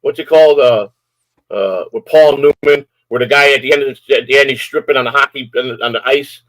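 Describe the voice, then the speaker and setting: A man's voice: mid-range voice, a little fast, fairly bright tone, dry recording, low-quality recording. An older man, host of a live stream, ranting angrily and issuing profane, repetitive threats. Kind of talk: angry live-stream rant.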